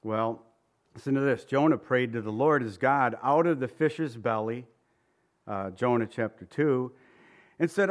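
Reading Bible passages in antiquated wording, a pastor preaches and chats with the congregation through questions. He has a medium-pitched male voice and speaks a little slowly.

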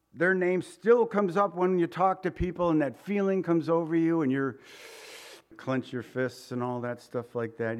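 A man preaching a sermon, swinging between loud emphasis and soft, quiet lines, asking the congregation direct questions in a conversational way. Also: mid-range voice. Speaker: pastor.

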